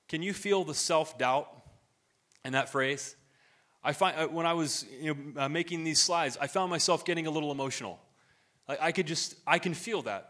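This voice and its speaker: A man's voice: fairly high pitch, moderate pace, fairly bright tone. A middle-aged man preaching a sermon as pastor, conversational and earnest, often restarting his sentences.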